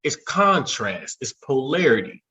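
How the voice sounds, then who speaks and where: Lively man explaining ideas. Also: mid-range voice, measured pace. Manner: explanatory, emphatic teaching tone. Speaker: guest shaman and teacher. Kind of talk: casual chat.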